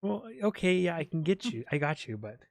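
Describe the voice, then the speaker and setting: A man's voice: fairly high pitch, very animated, brisk, gravelly, no echo. A man streaming a game, chatting in a joking, crude, self-mocking way. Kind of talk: casual gameplay commentary. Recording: game music loud behind.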